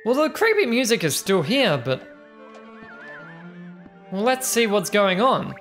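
A woman's voice: mid-range voice, very animated, a little slow, pauses often, fairly bright tone, soft background music. A young adult woman playing through a video game, chatting playfully and reading the characters' dialogue aloud. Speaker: let's play host. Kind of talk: gameplay commentary.

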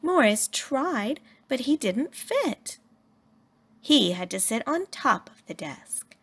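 A woman reading a children's story aloud in a gentle, measured way. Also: a little high, expressive, breathy edge. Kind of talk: children's read-aloud narration.

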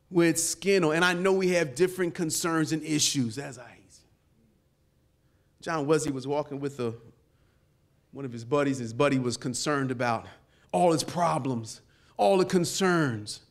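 A middle-aged man, a pastor, preaching a lively sermon to a live audience, calling for responses and swinging from quiet asides to shouts. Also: fairly high pitch, normal speed, pauses often. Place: conference hall before a live audience.

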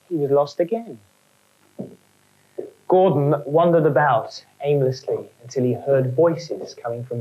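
A woman with a low voice reads a children's story. Her pitch jumps around a lot, and her tone stays wry and animated through the narration. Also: poor audio.

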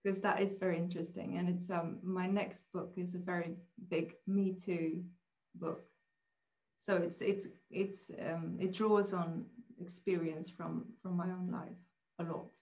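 A woman's voice: lowish voice, level tone, a little slow, a little mellow. A woman from Sweden with a Swedish accent, an author answering questions openly and reflectively in an online conversation. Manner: open, reflective, laughs easily. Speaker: author guest.

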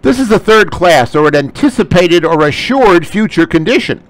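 A man's voice: sits high, no echo, low-quality recording. A man teaching a scripture lecture, explaining Greek terms closely. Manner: slow, animated delivery. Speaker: Bible study teacher.

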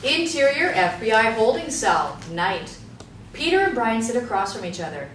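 A woman's voice: a little high, very animated, moderate pace, a bit bright, a little hiss or hum. Woman, narrator, stage directions, table read, echoey room, distant mic.

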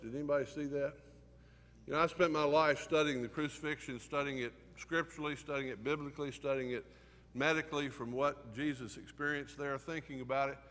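An older man, teaching a Sunday class in an earnest, emotional way, with many pauses and fillers. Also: mid-range voice, a bit bright. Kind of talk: sermon. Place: church classroom. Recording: hall reverb.

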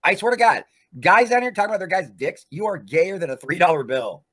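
A man's voice: high voice, lively intonation, fairly quick, a bit bright. Profane, ranting man. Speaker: livestream host. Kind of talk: ranting livestream chat.

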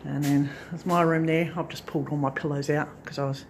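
A woman's voice: low-pitched, steady tone, a little fast, slight background noise. A woman vlogger giving a casual, rambling tour of her farm lodge unit on a handheld phone, correcting herself as she goes. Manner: chatty, rambling, self-correcting. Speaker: craft channel vlogger. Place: farm lodge unit, indoors and on the back porch.

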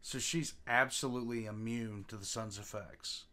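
An older man reacting casually to a story, chatty and expressive, sometimes talking to his pets. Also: lowish voice, normal speed. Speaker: reaction video host.

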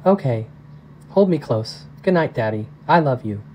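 A man's voice: animated, normal speed, highs cut off, slight background noise, close to an everyday voice. A man reading aloud, voicing a six-year-old girl in a storybook with a small, questioning voice. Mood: sleepy. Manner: small questioning voice, raised pitch. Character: little girl, six, anxious and curious.

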